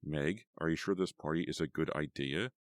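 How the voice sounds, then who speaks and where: A man's voice: extremely low pitch, moderate pace, no room sound. A man voicing a weary, complaining teenage girl in an audiobook, in close to his own voice. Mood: bored. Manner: whiny, weary.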